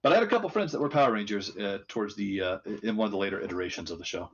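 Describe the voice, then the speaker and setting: A man's voice: fairly low pitch, expressive, racing, muffled recording, a little hiss or hum. A man chatting casually on a livestream, opinionated and joking as he grumbles about movies. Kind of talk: casual chat.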